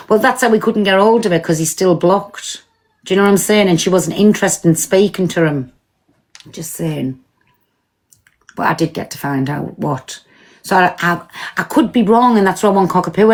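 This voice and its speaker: A woman hosting a live stream from home, talking casually and bluntly, swearing freely and answering her viewers. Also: on the low side. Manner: blunt, swears freely, talks back to commenters.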